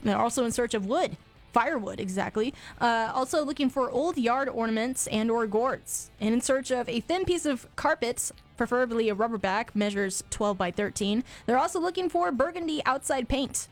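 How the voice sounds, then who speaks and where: A woman's voice: on the high side, expressive, faint music behind. Playful female radio co-host. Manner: playful, quick to laugh. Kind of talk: casual on-air banter.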